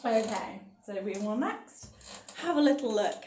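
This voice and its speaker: A woman's voice: fairly high pitch, expressive, unhurried, a little mellow, slight background noise. A woman leading a baby rhyme-time class as a children's librarian, sing-song and encouraging. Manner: sing-song and encouraging, sings nursery songs. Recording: echoey room.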